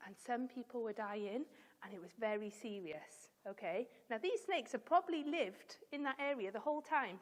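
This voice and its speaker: A woman leading a children's Bible talk in a church, telling the story expressively and asking the children questions. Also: on the high side. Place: church hall. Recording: long reverb of a church hall.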